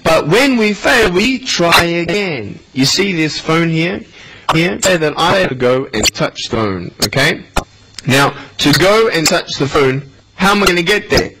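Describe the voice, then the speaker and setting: In his thirties, this Australian motivational speaker gives an animated, playful speech to a hall full of schoolchildren, quizzing them as he goes. His pitch sits fairly high and his pace is measured, captured in a noisy live recording.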